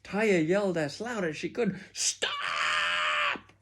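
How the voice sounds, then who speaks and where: A man reading a children's storybook aloud with expressive, drawn-out delivery. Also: fairly high pitch.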